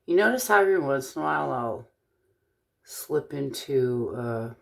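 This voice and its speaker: A woman's voice: rumbling low, animated, moderate pace, vocal fry. A middle-aged woman from Eastern Washington, chatting casually and thinking aloud as she shows a wire-wrapping craft, with the odd corny joke. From Eastern Washington, USA. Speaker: jewelry-making tutorial host.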